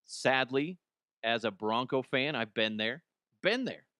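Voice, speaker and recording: A man's voice: mid-range voice, a little slow, bright, forceful tone, clear, resonant tone, no room sound, studio quality. A man hosting a solo sports podcast, ranting bluntly with swearing, often restarting and repeating words. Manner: blunt, opinionated, swears freely. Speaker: podcast host.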